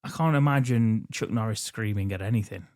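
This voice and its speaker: A man's voice: on the low side, brisk, a little mellow, dry recording, clean studio sound. A man co-hosting a podcast, recapping a film's plot in a wry, crude way and laughing often. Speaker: podcast co-host. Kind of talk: casual chat recapping a film.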